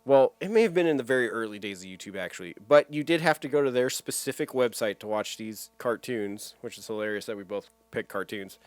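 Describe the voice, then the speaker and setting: A man co-hosting a podcast in casual chat, animated and laughing often as he retells cartoon gags. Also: mid-range voice, fairly quick, hardly any pauses, dry recording. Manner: animated, laughs a lot, mimics cartoon voices. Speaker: podcast co-host.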